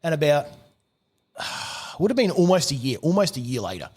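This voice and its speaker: A middle-aged man, a gunsmith telling a story on a podcast, animated, swearing and laughing often. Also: on the high side, moderate pace, breathy edge. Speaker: gunsmith guest.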